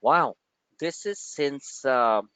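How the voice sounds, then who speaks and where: A man hosting a livestream of market commentary, rambling and joking in an animated way. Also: mid-range voice, very slow, smooth, dry recording. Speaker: trading channel host.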